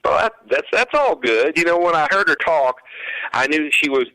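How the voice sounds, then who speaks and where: A man's voice: on the high side, very animated, moderate pace, sharp tone, clear, resonant tone, low-quality recording. A man, a country musician and hay farmer, talking in a radio interview in an easygoing, rambling way. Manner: easygoing, rambling, many restarts.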